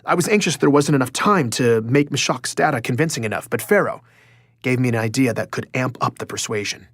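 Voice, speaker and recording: A husky, anxious journalist. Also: male voice, mid-range voice, animated, fairly quick, no room sound. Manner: nervous, stammering in dialogue. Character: anxious male journalist narrating his story. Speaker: journalist narrator. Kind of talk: first-person audio drama narration.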